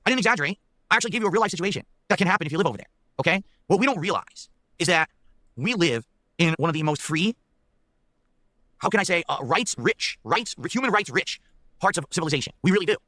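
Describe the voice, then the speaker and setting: A man pours out an emphatic rant to his viewers, racing along in a high voice. He keeps checking in with the audience. The sound is bright and dry. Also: animated, quick pace, no echo. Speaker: online streamer. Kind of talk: ranting monologue to viewers.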